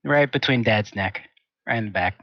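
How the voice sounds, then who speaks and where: A young man playing a tabletop game, speaking in a calm, matter-of-fact way. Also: on the low side, normal speed, muffled recording. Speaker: player. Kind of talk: casual tabletop play.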